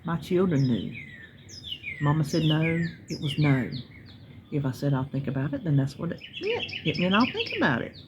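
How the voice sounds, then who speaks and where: With a deep, very animated voice at a moderate pace, this middle-aged woman from North Carolina rambles folksily to viewers in a Southern accent. She's a vlogger sitting in her yard, birds chirping over a noisy background, just chatting casually.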